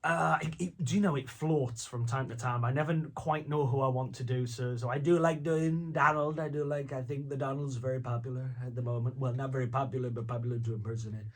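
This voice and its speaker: A man's voice: medium pitch, fairly even intonation, brisk, few pauses. A man who does impressions and voice-overs, chatting as a guest on a radio show, rambling with many restarts and frequent chuckles. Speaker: guest, impressionist and voice-over artist. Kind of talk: casual radio chat. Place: radio studio.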